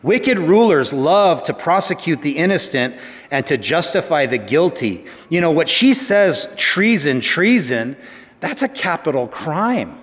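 A male pastor preaching a sermon in a church, emphatic, slowing down and speeding up and rising to stress his points. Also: fairly high pitch, sing-song. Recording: long hall reverb.

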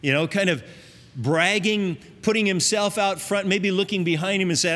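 A man's voice: high voice, normal speed, a bit bright, in a large hall. A man preaching a sermon, teaching in an earnest, conversational way with emphatic rises.

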